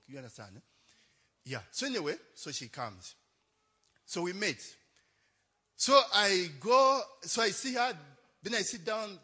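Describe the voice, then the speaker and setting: A man's voice: a little high, sharp tone. A young adult man, a pastor telling a story in a chatty sermon, laughing often and tagging lines with "eh?".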